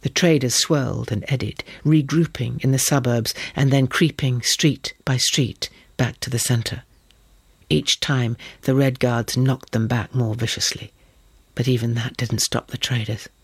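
A man reading a novel aloud in measured, vivid storytelling narration. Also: mid-range voice, fairly even intonation, husky, dry recording. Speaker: audiobook narrator. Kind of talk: scripted narration.

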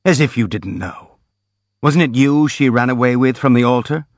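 A man's voice: mid-range voice, normal speed, dry recording, lightly acted. Male reader doing a bitter, jealous young man, intense, dry and muffled audiobook sound. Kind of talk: audiobook dialogue reading.

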